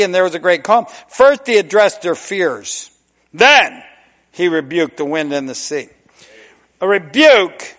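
Male preacher, middle-aged, high voice, folksy, preaches with big swings from hush to loud. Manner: emphatic, swings from hushed to loud with long drawn-out words; folksy and conversational, repeats "amen". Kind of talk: sermon. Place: church service.

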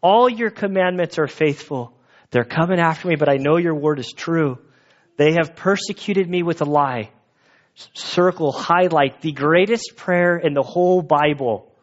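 This is a man on the high side of the pitch range, talking at normal speed as he preaches to his congregation. The pastor's expository sermon feels earnest and conversational, set in a church sanctuary and recorded in dull lo-fi.

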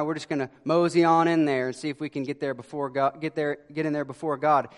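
A man preaching a sermon in an earnest way, dropping to a hush for emphasis. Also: on the high side. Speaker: pastor. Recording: long hall reverb.

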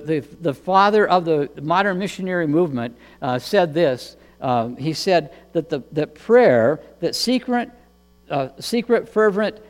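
A man preaching a sermon as pastor, earnest and measured, often repeating words as he goes. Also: sits high, long reverb tail.

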